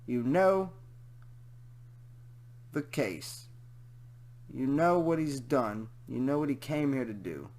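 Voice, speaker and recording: A man's voice: mid-range voice, lively intonation, takes it slowly, pauses often, darkish tone. Slangy, swearing man streamer. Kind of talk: casual profane commentary.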